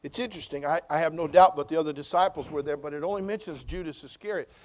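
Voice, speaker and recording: A man's voice: fairly high pitch, fast. A male pastor preaching a sermon, calling out emphatically with repeated rhetorical questions to the congregation. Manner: quiet storytelling in parts.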